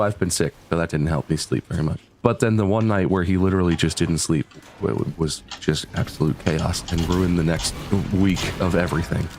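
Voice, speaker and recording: A man's voice: low-pitched, slight background noise. A man who sounds a little sick, co-hosting a podcast in casual chat and rambling with lots of restarts. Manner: rambling, with frequent restarts and easy laughs. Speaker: podcast co-host.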